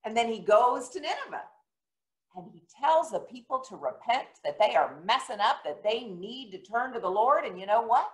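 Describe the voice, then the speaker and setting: Woman, children's sermon, animated pitch, roomy church echo. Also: normal speed. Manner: gentle, storytelling, asks children questions. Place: church sanctuary. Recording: echoey church room.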